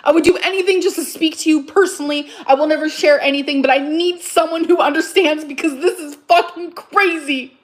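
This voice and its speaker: A woman's voice: high-pitched, fairly even intonation, brisk. Agitated woman ranting on a live stream. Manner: agitated, repeats herself, swears. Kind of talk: emotional live stream rant.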